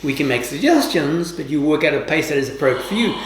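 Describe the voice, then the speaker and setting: A woman yoga teacher leads a guided class with calm, measured instructions in formal, old-fashioned wording. Her pitch moves up and down in a lively way, and the recording carries a roomy echo with a faint hiss underneath. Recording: roomy, echoey room.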